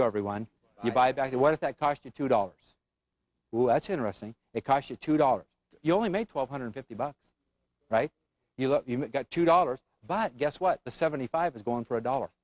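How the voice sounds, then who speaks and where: A man's voice: mid-range voice, dry recording. A man teaching an options trading class, quizzing the room with frequent questions. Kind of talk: classroom lecture.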